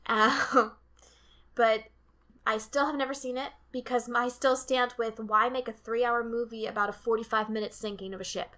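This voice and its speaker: A woman's voice: a little high, steady tone, moderate pace, sharp tone. A woman in her twenties from Maryland, co-hosting a casual chat and leaning hard on syllables for emphasis. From Maryland, USA. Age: 20s. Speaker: co-host.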